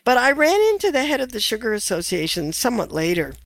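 A woman's voice: a little high, big pitch swings, fast talker, creaky, a bit bright, no echo. An older woman, a nutritionist guest in an interview, telling stories in a wry, amused way and laughing as she talks. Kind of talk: conversational interview.

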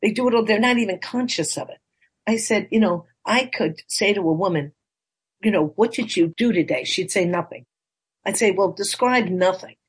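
A woman in her sixties, a life coach and author, chatting in an interview and telling stories with lively acted-out quotes. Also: medium pitch, normal speed, slightly rough. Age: 60s. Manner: chatty, animated storytelling, acts out quoted voices. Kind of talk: casual interview chat.

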